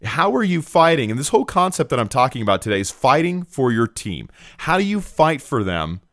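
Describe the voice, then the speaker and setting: A man's voice: medium pitch, sing-song, brisk, a bit bright, no room sound, studio quality. A middle-aged man hosting a business podcast, talking earnestly and emphatically, with a lot of "right?" and "look". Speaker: podcast host, business owner. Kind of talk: motivational podcast talk.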